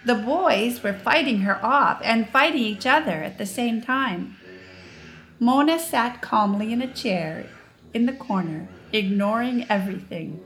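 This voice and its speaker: A woman narrating a children's storybook in a gentle, expressive way. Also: a little high, a little slow.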